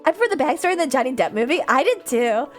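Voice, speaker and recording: A young woman streaming live and chatting with her viewers, her voice sitting high and swinging widely in pitch. She talks in a loose, animated way, laughing often and swearing casually. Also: racing, soft background music. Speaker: livestreamer. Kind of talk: casual chat reading viewer comments.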